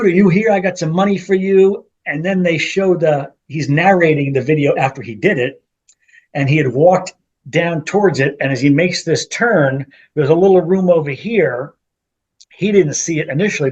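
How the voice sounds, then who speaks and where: A middle-aged man co-hosting a podcast, telling a story with animated quotes in a casual chat between old friends. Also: a little high, brisk, breathy edge, highs cut off. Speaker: podcast co-host.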